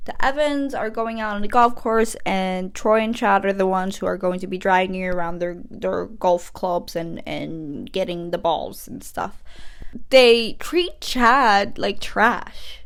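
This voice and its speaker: A young woman vlogger recapping a movie in a chatty, casual way, often slipping into quick quoted asides. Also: mid-range voice, vocal fry, smooth.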